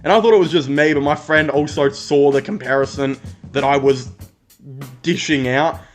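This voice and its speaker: An Australian man giving a casual, rambling movie review, blunt and quick to swear. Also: medium pitch, faint music behind.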